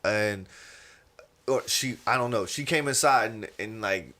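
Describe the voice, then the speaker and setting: A man's voice: on the low side, measured pace. A man, telling a long story on a podcast in casual chat and acting out the people in it. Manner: animated storyteller, acts out others' voices. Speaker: podcast co-host.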